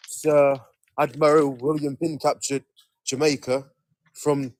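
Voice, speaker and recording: A man's voice: medium pitch, close to an everyday voice. A man doing a pompous British king who claims to own the Caribbean, speaking in a stiff, formal, mock-regal way. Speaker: podcast co-host.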